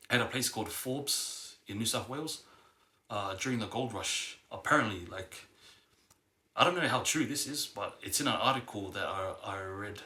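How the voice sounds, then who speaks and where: A man's voice: medium pitch, bright, forceful tone. A young man telling a family history story casually, rambling and hesitant, with many fillers and restarts. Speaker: vlogger. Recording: echoey room.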